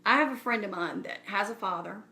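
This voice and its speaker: Bright-voiced earnest woman. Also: mid-range voice, fairly quick. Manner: earnest, encouraging, speaks straight to viewers. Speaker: speaker addressing her community. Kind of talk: casual live-stream address.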